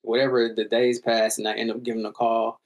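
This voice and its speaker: A man guest in a casual interview, telling a story in a lively way with slang and loose phrasing. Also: mid-range voice, fast talker, muffled recording. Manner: animated storyteller, acts out quoted voices. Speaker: musician guest.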